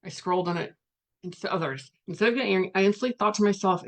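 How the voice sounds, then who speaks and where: Speaking rapid-fire in a mid-range voice, this woman plays a spiritual coach on a laid-back livestream. She chats frankly and reads out comments from viewers.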